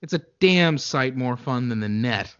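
A man's voice: mid-range voice, lively intonation, unhurried, smooth, muffled recording. A man co-hosting a casual movie podcast, talking hesitantly with stammering restarts. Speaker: podcast co-host.

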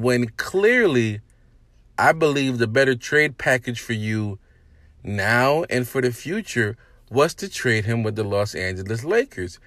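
A man hosting a casual sports podcast. He talks straight to his listeners in an animated, hyped-up way and calls people out. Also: mid-range voice, slow, no echo. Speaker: podcast host.

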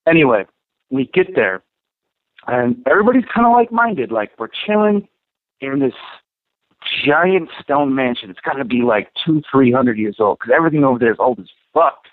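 A man co-hosting a podcast, telling a story in a casual, profane and animated way. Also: medium pitch, moderate pace, dry recording. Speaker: podcast co-host. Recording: tinny phone-like dry sound.

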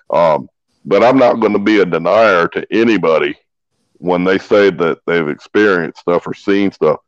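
A man's voice: low-pitched, no room sound, highs cut off. A man co-hosting a casual podcast chat, speaking emphatically and repeating his points. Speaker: podcast co-host.

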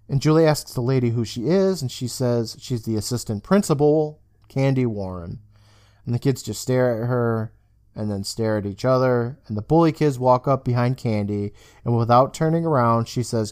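Animated man recapping a TV episode. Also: medium pitch, normal speed, smooth. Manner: animated, swears often, acts out quoted lines. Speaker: podcast co-host. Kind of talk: casual chat recapping a TV episode.

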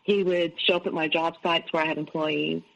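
Her voice sits low and gravelly, steady in tone and moderate in pace, as this middle-aged interview guest frankly tells stories from her life and quotes what other people said. The sound is lo-fi.

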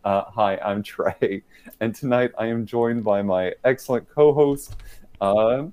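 Giggly podcast host man, low voice. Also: a little slow, warm tone, clear, resonant tone. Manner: giggly, rambling, fillers. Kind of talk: casual online show chat. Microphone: remote call mic.

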